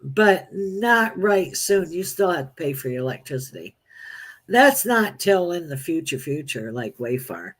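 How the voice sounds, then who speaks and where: A woman appearing as a psychic guest on a live stream, speaking in a halting, plain-spoken way with many restarts. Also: low-pitched, big pitch swings. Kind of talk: casual live-stream chat.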